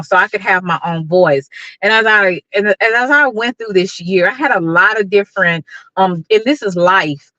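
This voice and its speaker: A woman's voice: medium pitch, pushed and bright, dry recording, lo-fi sound. A middle-aged woman hosting a casual livestream, greeting viewers by name and talking with lots of fillers. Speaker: YouTube livestream host.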